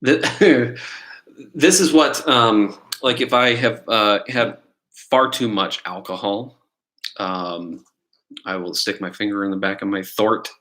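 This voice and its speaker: On a live stream, a middle-aged exam prep instructor rambles casually through a quiz lesson and peppers viewers with questions. He speaks slowly in a lowish, slightly bright voice. The recording, made on a computer mic, is rough.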